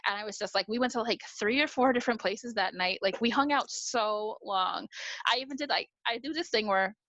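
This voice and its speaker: A woman from New York, a guest on a video call, telling a story in animated casual chat, acting out quotes and laughing often. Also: on the high side, fairly quick, no echo, highs cut off.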